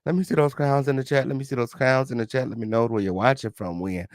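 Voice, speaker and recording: A man hosting a casual livestream, greeting viewers with flamboyant, sing-song shout-outs and sassy, profane chatter. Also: medium pitch, fairly even intonation, quick pace, hardly any pauses, no room sound, studio quality. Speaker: livestream host.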